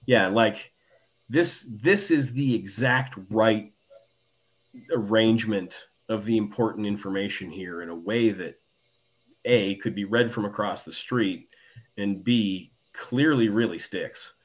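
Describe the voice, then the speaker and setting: A man's voice: fairly low pitch, slow pace. A man appearing as a guest cartoonist in a casual comic book discussion, talking thoughtfully and analytically. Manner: thoughtful, analytical, with many restarts.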